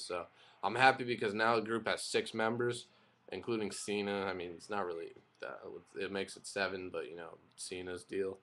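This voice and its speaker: A man's voice: deep voice, fairly even intonation, normal speed, fairly bright tone. A young man casually recapping and reviewing a wrestling broadcast, rambling and opinionated, with frequent fillers and restarts.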